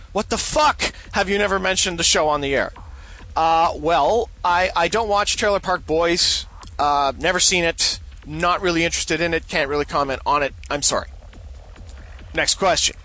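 A man's voice: fairly high pitch, sharp tone. A man hosting a show, rambling and sarcastic as he comments and reads listener mail, swearing freely and repeating himself. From Canada. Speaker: show host. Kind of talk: casual solo commentary, reading listener mail.

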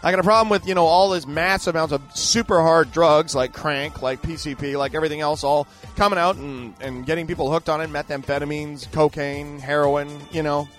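A man's voice: fairly high pitch, steady tone, fairly quick, few pauses, fairly bright tone, faint music behind. A man hosting a show and answering listener letters in a rambling, emphatic monologue full of fillers and restarts. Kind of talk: casual ranting monologue.

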